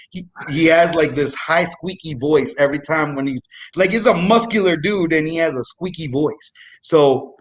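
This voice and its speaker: A young man telling a loose, profane story about his military days on a live comedy show, with frequent restarts. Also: fairly high pitch. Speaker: guest storyteller, former military supply.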